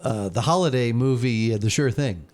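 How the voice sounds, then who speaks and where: Laid-back male co-host, ordinary pitch, hesitant casual chat. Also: moderate pace. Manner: relaxed, agreeable, hesitant with fillers. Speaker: podcast co-host.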